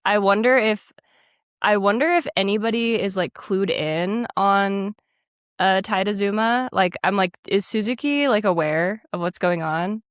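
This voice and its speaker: A woman's voice: mid-range voice, a little slow, no echo, clean studio sound. A woman co-hosting a podcast, musing earnestly in casual chat about an anime. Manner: earnest, musing, many likes. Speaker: podcast co-host.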